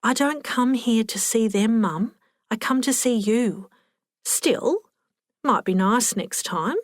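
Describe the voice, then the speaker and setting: A woman's voice: fairly high pitch, slow, dry recording. A modest, slightly impatient grown daughter who gives short, polite answers and wants to get away, as a female reader voices her. Her voice lifts a little above the narration, and the recording is dry and close.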